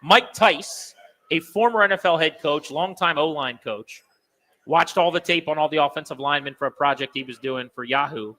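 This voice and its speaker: A man's voice: on the high side, moderate pace, bright, forceful tone, long reverb tail. An American man hosting a sports radio show in a chatty, joking way.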